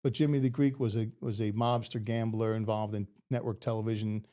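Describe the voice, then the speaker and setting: A middle-aged man, a retired police officer, telling stories in a casual, animated way and laughing often. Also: on the low side, a little fast. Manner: animated, laughing often, acts out quoted voices. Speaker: podcast guest. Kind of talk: casual storytelling.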